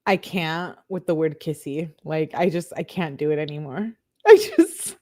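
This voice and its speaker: A woman's voice: sits low, fairly even intonation, normal speed, a little mellow. Chatty woman streamer reading texts. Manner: chatty, frequent "like" fillers, reads text messages aloud with running reactions. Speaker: live-stream host. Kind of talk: casual live-stream commentary.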